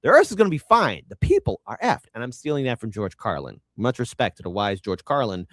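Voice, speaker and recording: A man hosting a political commentary show, ranting in a mocking, crude and sarcastic way with shouted jabs. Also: mid-range voice, sing-song, a little fast, no room sound, studio quality. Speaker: show host.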